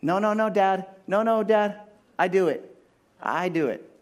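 A man doing a stubborn toddler girl. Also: unhurried. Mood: insistent. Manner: high, insistent and defiant. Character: stubborn defiant two-year-old girl.

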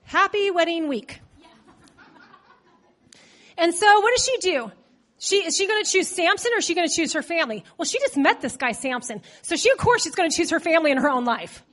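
A woman's voice: extremely high pitch, animated, a little fast, a bit bright. A woman preacher with a cold, delivering a chatty, humorous sermon and retelling a story with playful asides. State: has a cold. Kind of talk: conversational sermon.

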